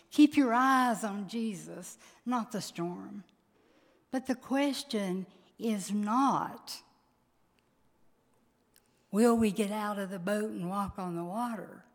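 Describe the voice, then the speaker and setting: Slow, emphatic woman preaching in a hall. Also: mid-range voice. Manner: emotive, slow and emphatic with sudden loud peaks. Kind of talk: sermon. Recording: long reverb of a large hall.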